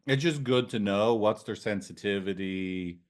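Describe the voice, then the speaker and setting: A man's voice: fairly low pitch, measured pace. A man teaching couples therapy in a loose, joking way, with swearing and asides. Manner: loose, jokey, profane, tangents. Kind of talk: casual training talk.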